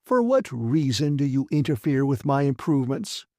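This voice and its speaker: A man's voice: mid-range voice, moderate pace, dry recording, studio quality. Man putting on a pompous director, sarcastic, talks down to everyone. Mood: sneering. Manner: calm, condescending, sarcastic. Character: pompous, sneering male station director. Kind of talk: audiobook character voice.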